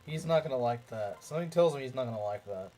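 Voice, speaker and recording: A young man streams himself playing a strategy game, commenting casually, rambling, repeating himself and tossing jokey asides to his chat. His medium-pitched voice is expressive and mellow, and he talks at a quick pace.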